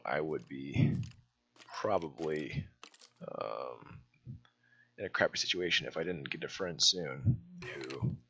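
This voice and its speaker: A man's voice: rumbling low, gravelly, a little hiss or hum. A young man from the American South telling a rambling school story over gameplay, full of fillers and restarts. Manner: rambling, many fillers and restarts, laughs often. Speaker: gaming channel host. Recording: music playing behind voice.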